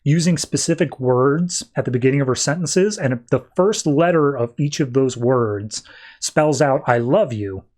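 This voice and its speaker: A man's voice: mid-range voice, moderate pace, a little mellow. Man casually recapping a comic. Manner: loose, conversational retelling with frequent "uh" and "he's like". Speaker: podcast host.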